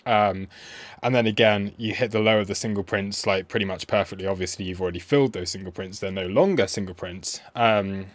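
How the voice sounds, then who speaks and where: A man streaming live as a crypto trader, walking through price charts in a relaxed, rambling way with frequent ums and restarts. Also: fairly low pitch, a little fast, no room sound. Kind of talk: casual livestream chart commentary.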